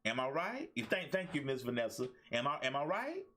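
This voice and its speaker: A man's voice: mid-range voice, sing-song, a little fast, fairly bright tone. A man hosting a livestream talk show as a life coach, preaching about relationships with repetition and call-and-response asides.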